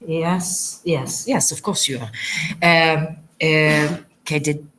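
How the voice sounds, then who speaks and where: A woman's voice: low-pitched, slow, fairly bright tone, a little hiss or hum. A woman hosting a poetry reading in a university lecture theatre, introducing the readers with many fillers and restarts. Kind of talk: live event introduction.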